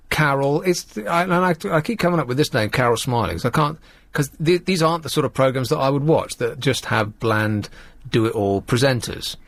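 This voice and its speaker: A man's voice: fairly high pitch, a bit bright. A man hosting a radio talk show, rambling and sardonic as he chats opinionatedly into a studio microphone. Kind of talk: casual radio chat.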